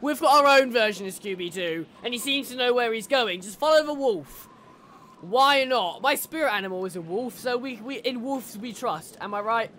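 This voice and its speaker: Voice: medium pitch, lively intonation, normal speed, sharp tone, slight background noise. Jokey, swearing let's-play gamer. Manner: jokey, swearing, laughs often. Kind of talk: casual let's-play commentary.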